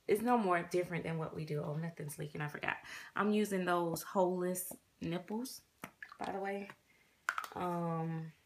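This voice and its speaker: A woman's voice: lowish voice, gravelly. A young woman casually telling a rambling family story while chatting about her dolls. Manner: rambling storytelling with quoted dialogue. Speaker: doll collector vlogger. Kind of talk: casual chat.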